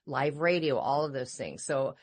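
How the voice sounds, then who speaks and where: Low-voiced woman with swooping expressive delivery. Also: normal speed, breathy edge. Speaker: voice-over actor and coach, radio personality. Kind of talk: casual chat.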